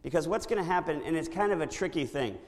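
Gravelly-voiced pastor preaching in a hall. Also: male voice, on the high side, quick pace. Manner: animated storytelling with impressions. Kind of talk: sermon.

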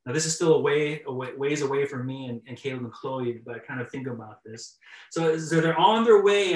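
A man's voice: fairly high pitch, echoey room, recorded from a distance, poor audio. A male pastor giving a sermon, telling a story in a conversational, chuckling way with frequent restarts. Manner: conversational, warm storytelling with chuckles and repeated starts.

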